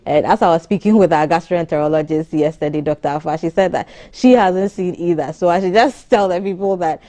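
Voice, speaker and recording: A woman doctor gives careful, measured advice in a TV studio interview. Her voice sits a little low and has a warm, mellow tone. She explains steadily, often rephrasing to make a point clear. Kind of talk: studio interview on a morning TV show.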